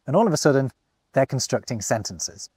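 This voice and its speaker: A man's voice: medium pitch, big pitch swings, fairly quick, a little mellow, breathy edge, no room sound. A man hosting a video and narrating a scripted explainer with enthusiasm, a young father speaking close to the mic. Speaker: host.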